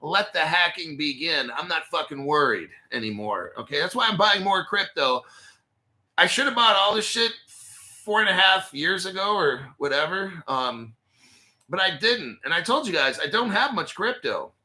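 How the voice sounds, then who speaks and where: A very bright, sharp-toned man in his forties, a bit high for a man, rambling through a casual livestream story. He swears freely, laughs between phrases, and jumps back to restart his sentences. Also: very animated, normal speed. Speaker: crypto channel host.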